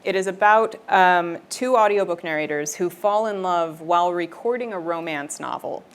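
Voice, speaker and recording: Animated woman on a lavalier, lowish voice. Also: moderate pace. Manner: animated, laughing, switches into character voices. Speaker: audiobook narrator, festival guest. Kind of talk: live on-stage conversation with readings. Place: festival stage.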